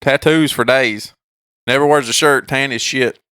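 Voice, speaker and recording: A man's voice: medium pitch, steady tone, normal speed, sharp tone, smooth, no room sound, studio quality. Laid-back man chiming in on a podcast. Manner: laid-back, chimes in with short replies and laughs. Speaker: podcast co-host. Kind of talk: casual chat.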